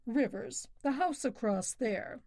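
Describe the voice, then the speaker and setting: A woman's voice: on the high side, animated, takes it slowly, dark tone, no room sound, clean studio sound, exaggerated voice. A woman reading the lines of a bold young racing driver in an earnest, direct way.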